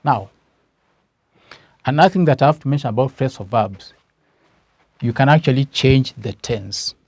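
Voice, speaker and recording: A man's voice: medium pitch, a little mellow, no room sound. A man with a Kenyan English accent teaching a grammar lesson, stressing key words and asking questions that he answers himself. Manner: slow, emphatic, asks questions then answers them.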